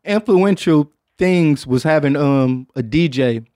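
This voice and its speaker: Rambling, slangy podcast host, high voice. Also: male voice, lively intonation, slow pace, dark tone, no echo, clean studio sound. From Detroit. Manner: rambling, profane, slangy, fills lines with "man". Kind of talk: casual chat.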